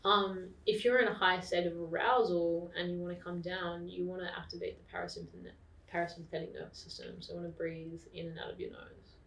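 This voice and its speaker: An Australian woman talks in a calm, explanatory way, her voice carrying a gravelly fry. She sits back from the microphone in a roomy space that rings around her words. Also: fairly low pitch, brisk. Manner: calm, explanatory, with frequent fillers. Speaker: podcast guest. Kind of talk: casual interview talk. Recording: roomy, distant mic.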